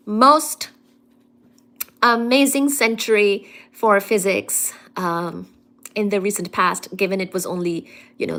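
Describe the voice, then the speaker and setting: A woman's voice: medium pitch, a bit bright. A woman hosting a casual science live stream from home, playfully greeting viewers, reading their comments aloud and calling them darling. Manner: affectionate, calls viewers "darling".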